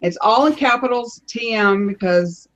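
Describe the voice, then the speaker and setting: A woman's voice: on the high side, normal speed, a bit bright, muffled recording. A woman on a live panel show casually showing her crafts, chatty, often restarting her phrases as she explains.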